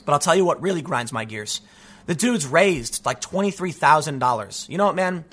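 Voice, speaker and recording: A man's voice: fairly high pitch, lively intonation, moderate pace, a bit bright. A man giving an emphatic news commentary, reading out reports and then ranting in casual, repetitive phrases. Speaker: political commentator.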